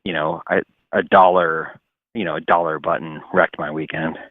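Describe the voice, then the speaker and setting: A man on the phone as a guest, talking loosely in halting sentences. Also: extremely low pitch, steady tone, dry recording. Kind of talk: casual phone chat. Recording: tinny phone line.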